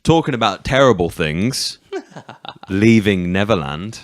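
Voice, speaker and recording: A man's voice: lowish voice, expressive, slow pace, dry recording, studio quality. A British man co-hosting a podcast, chatting casually and explaining things at length. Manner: explains at length, steers the conversation. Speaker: podcast co-host. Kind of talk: casual chat.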